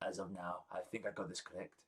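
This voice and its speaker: A man voicing a grateful, soft-spoken king in a tabletop game, quiet and earnest. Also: low voice, little pitch movement, quick pace, slight background noise.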